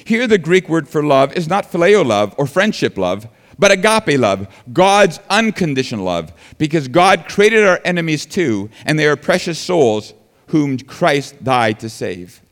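A man's voice: on the high side, very animated, unhurried, in a large hall. A man preaching a sermon earnestly, building emphasis and sometimes restarting his words. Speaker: pastor.

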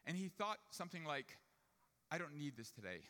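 Male preacher, storytelling sermon, bright forceful tone, long hall echo. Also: a little high, big pitch swings, a little fast. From Jewish family upbringing. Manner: storytelling, rising to emphatic preaching.

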